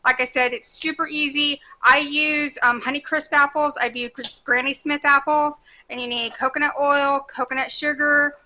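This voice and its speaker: Bubbly high-voiced woman vlogger. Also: steady tone, moderate pace, hardly any pauses, pushed and bright, a little hiss or hum. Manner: bubbly, rambling storyteller with self-corrections. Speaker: home cooking vlogger. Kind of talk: casual chatty cooking vlog.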